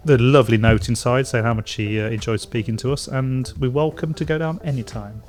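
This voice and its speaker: A man from England rambles through a casual podcast chat, stumbling over restarts and fillers as he goes. His voice sits at an ordinary middle pitch. Faint music plays underneath. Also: a little fast. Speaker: podcast co-host.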